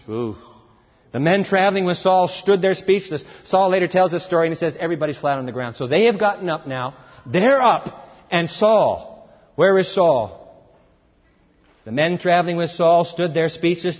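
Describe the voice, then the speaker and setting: A man preaching a sermon in a large church hall, dramatic and emphatic, swinging from loud to hushed and adding sound effects. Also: on the high side. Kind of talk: sermon, expository Bible teaching. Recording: reverberant hall, dull lo-fi sound.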